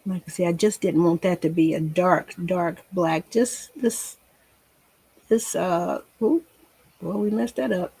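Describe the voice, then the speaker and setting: A woman talks viewers through a painting tutorial in a slow, unhurried way, chatting to herself as she works. Her voice is gravelly and a touch husky, and the recording is dry and close. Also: lowish voice, warm tone, no room sound. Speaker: painting instructor.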